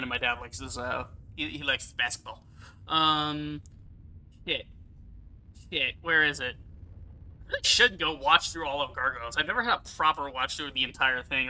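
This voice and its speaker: Excitable young American gamer, bright piercing tone, rambling casual commentary. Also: male voice, a little high, low-quality recording. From United States. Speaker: let's play YouTuber.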